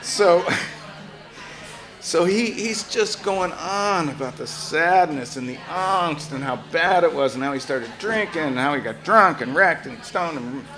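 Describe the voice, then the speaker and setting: Brief: older male storyteller, salty and animated, laughs through his tale. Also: a little high, measured pace. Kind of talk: live personal storytelling.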